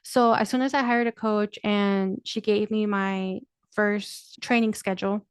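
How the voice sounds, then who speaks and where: A woman's voice: mid-range voice, steady tone, unhurried, clear, resonant tone, no room sound, clean studio sound. A young woman hosting a podcast, talking candidly in a casual monologue, swearing freely and addressing listeners as y'all. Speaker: podcast host.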